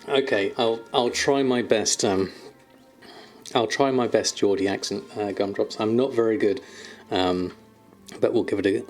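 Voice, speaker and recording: A man with a fairly low voice chats casually on a live stream from home. He is affectionate and easygoing, often laughing and cooing softly. His talk is loose and friendly, with filler words. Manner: chatty and affectionate, laughs often, coos at kittens. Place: at home, indoors.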